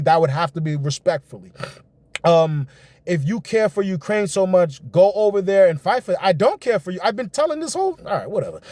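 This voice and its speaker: A man's voice: high voice, dry recording. A young man giving casual, rambling political commentary on a livestream, reacting to chat as he goes. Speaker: livestream host.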